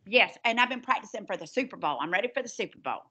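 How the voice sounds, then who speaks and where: A woman's voice: mid-range voice, lively intonation, fast talker, bright, forceful tone, husky. Southern woman co-host, school announcements, rambling easy chat. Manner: chatty, rambling, self-deprecating.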